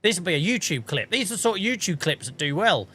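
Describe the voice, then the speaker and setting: Brief: male game streamer, slightly high voice, loose chatty self-mockery. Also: sing-song, quick pace, bright, forceful tone, breathy edge. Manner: chatty, self-mocking, swears casually. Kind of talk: casual livestream chat.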